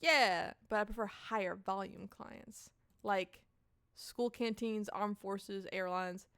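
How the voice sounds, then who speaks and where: A woman's voice: mid-range voice, takes it slowly, a bit bright, clear, resonant tone, dry recording, clean studio sound. A woman voicing a businesslike woman sales executive in a dating game, talking matter-of-factly.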